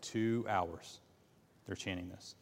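This Bible class teacher has a low voice with vocal fry and fairly even intonation, heard in a long-reverb hall. Reading scripture aloud, he halts with fillers and restarts and poses questions to the class.

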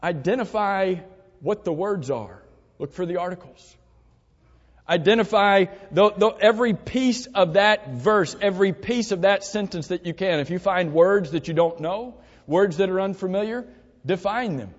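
Man, high voice, sermon, earnest teaching, long hall echo. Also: moderate pace. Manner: earnest teaching with repeated instructions and restarts. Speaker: pastor. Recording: dull sound with long hall reverb.

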